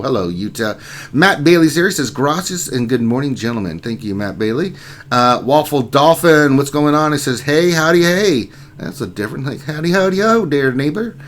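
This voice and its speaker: A man's voice: a little high, fairly bright tone. A man hosting a casual livestream, reading out chat names and greeting viewers one by one. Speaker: livestream host.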